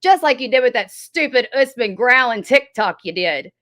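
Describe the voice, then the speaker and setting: A woman's voice: on the high side, expressive, moderate pace, a bit bright. A woman hosting a livestream, talking bluntly and accusingly to her chat with plenty of swearing. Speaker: livestream host. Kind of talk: heated livestream talk to chat.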